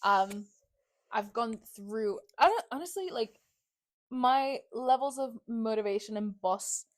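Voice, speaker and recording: A young woman co-hosts a casual podcast, playful and quick to giggle. Her voice sits a little high and she rambles through her thoughts. The sound is close and dry, from a podcast mic at home. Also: dry recording. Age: young adult. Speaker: podcast co-host. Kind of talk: casual chat. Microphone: new podcast microphone.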